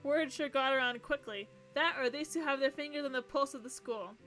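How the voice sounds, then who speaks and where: A woman streamer with a high, bright voice reads a game's narration aloud. She keeps breaking into excitable, gushing reactions. Quiet game music runs in the background. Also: brisk. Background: faint game music.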